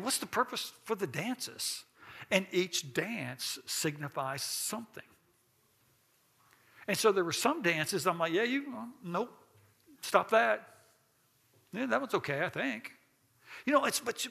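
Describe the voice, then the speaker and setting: High, gravelly-voiced man teaching a class. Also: bright, forceful tone. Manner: folksy, asks the class questions, laughs often.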